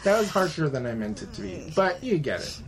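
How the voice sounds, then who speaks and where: A woman's voice: low-pitched, very animated, brisk, background noise. A woman co-hosting a casual chat, rambling and offhand, with dry jokes and plenty of swearing. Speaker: podcast co-host.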